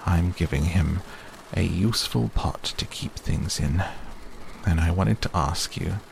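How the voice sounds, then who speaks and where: A man voicing a gentle, simple male teddy bear who speaks slowly and earnestly. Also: deep voice, vocal fry, background noise.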